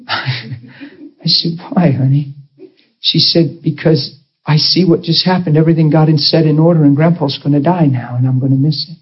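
A man's voice: fairly high pitch, fairly even intonation, moderate pace, husky, dull audio. A man preaching to a congregation and telling an emotional story, acting out the voices of the people in it. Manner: emotional, acts out quoted voices. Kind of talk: storytelling sermon.

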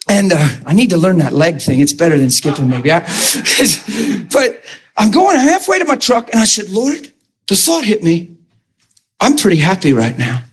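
High, husky-voiced preacher man. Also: rough recording. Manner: excitable, storytelling, emphatic with repeated stammered restarts. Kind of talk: sermon.

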